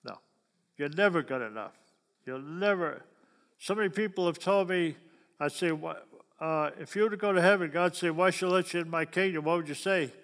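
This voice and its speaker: A man with a fairly high, bright voice preaches at a fairly quick clip, folksy in manner and often putting questions to his listeners. A long hall reverb hangs on the recording.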